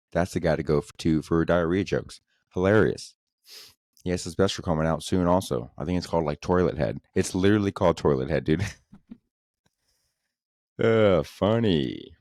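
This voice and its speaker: A man's voice: low voice, darkish tone, no room sound, clean studio sound. A young man hosting a solo comedy podcast, talking in a crude, sarcastic, rambling way. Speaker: podcast host.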